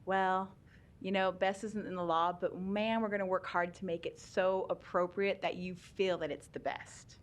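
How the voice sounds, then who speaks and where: A woman's voice: lowish voice, steady tone, normal speed. A middle-aged woman in a legislative hearing, explaining special education rules in a chatty way with frequent laughs and fillers. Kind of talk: conversational testimony.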